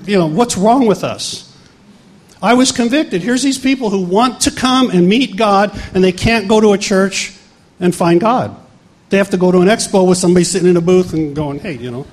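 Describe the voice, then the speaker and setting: A middle-aged male pastor telling a healing story in a sermon, acting out the people he quotes. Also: high-pitched. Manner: animated, acts out quoted voices.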